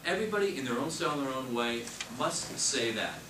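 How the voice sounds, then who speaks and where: A man's voice: mid-range voice, expressive, fairly quick. A man teaching a real estate sales class, emphatic and repeating his key points as he coaches. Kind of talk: classroom training talk. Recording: echoey room, mic far off, noisy.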